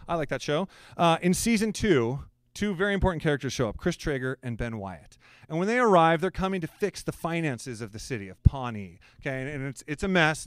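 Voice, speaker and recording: A man's voice: on the high side, smooth, dry recording. A male pastor delivers a sermon in a conversational, earnest way, with humorous asides.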